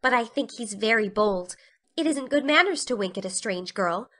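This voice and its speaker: A woman's voice: on the high side, expressive, moderate pace, a bit bright. A woman voicing a fiery red-haired young girl in an audio drama, speaking passionately and dramatically. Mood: confiding.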